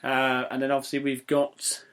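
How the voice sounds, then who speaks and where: A man's voice: medium pitch, monotone, moderate pace, a bit bright, smooth. A young man from England hosting a podcast in casual, rambling, jokey chat that keeps wandering into digressions. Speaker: podcast host.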